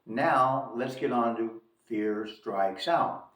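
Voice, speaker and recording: A man's voice: mid-range voice, slow pace, fairly bright tone. A man hosting a casual film review, telling the story emphatically. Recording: echoey room, distant mic.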